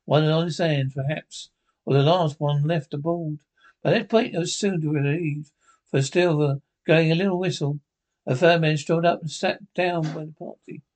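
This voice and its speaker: A man's voice: a little high, fairly even intonation, normal speed, a little mellow. Man reading a classic novel aloud. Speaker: audiobook reader. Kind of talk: storybook narration.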